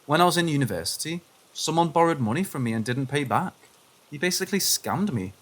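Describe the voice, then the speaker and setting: A man's voice: on the high side, animated, fairly quick. Man reading paranormal stories aloud. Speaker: narrator reading viewer stories. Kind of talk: scripted narration of submitted stories.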